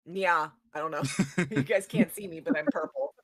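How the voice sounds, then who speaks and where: A woman's voice: fairly low pitch, expressive, moderate pace, gravelly, fairly bright tone. A woman playing in a tabletop game, sharing a microphone, giggly and apologetic. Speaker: player. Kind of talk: casual chat at the game table. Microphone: shared microphone.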